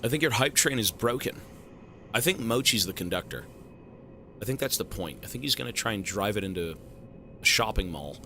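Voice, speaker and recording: A man live-streaming a game who thanks his viewers with loud, swearing, joking banter. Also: on the low side, lively intonation, brisk, long pauses, a little hiss or hum. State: has a headache.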